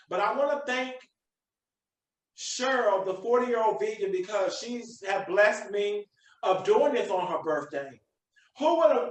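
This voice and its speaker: A man with a high, bright-pitched voice hosts a live video podcast and preaches his motivational message with emphasis. He sounds set back from the mic, and his voice rings around an echoey room. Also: far from the mic. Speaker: podcast host.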